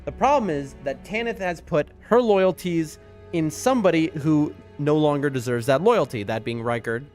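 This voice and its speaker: A man streaming a game live, chatting casually and rambling to his viewers. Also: moderate pace. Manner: chatty and rambling, talks to his chat, soft high voice when talking to his cats. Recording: faint music behind the voice.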